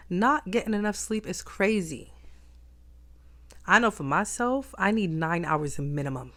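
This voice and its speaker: A woman's voice: on the low side, lively intonation, moderate pace. A woman talking in a reflective personal vlog, emphatic and repeating phrases for stress. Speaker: vlogger.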